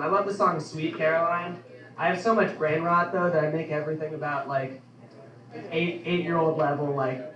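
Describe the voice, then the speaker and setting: A man's voice: a little high, muffled recording. Young guy doing stand-up, lots of ums, sounds kinda far off in a roomy club. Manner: offhand, halting delivery with many ums. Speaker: stand-up comedian. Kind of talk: stand-up comedy set. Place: comedy club. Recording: echoey club from a distance.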